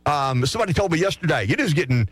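A man's voice: a little high, expressive, rapid-fire, no echo, soft background music. A man arguing opinions on a sports talk show, firing off rhetorical questions and answering them himself.

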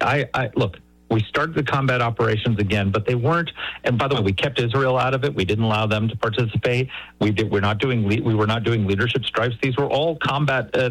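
A man's voice: mid-range voice, dry recording, rough recording. A man talking politics as a guest, emphatic, often repeating words as he starts a sentence. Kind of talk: animated political talk.

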